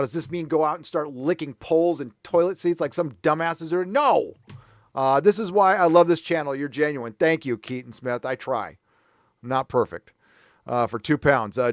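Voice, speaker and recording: A man's voice: fairly high pitch, normal speed, no room sound, clean studio sound. A middle-aged man hosting a live stream, ranting angrily and swearing a lot while reading viewer comments. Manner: angry, profane, ranting. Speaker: live show host.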